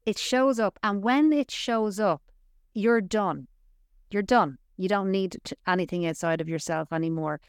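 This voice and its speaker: A woman's voice: medium pitch, unhurried, clean tone, no room sound, clean studio sound. A woman speaking as a podcast guest, teaching on spirituality with emphatic, repetitive, punchy phrasing. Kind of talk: conversational teaching.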